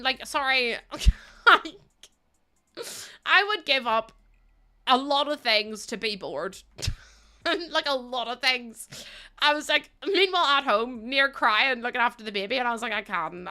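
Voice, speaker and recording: A woman's voice: on the high side, sharp tone. A young woman streaming and chatting casually with her viewers, giggling often and singing bits of songs. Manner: chatty, giggly, reads chat aloud, sings snippets. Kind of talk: casual livestream chat while building.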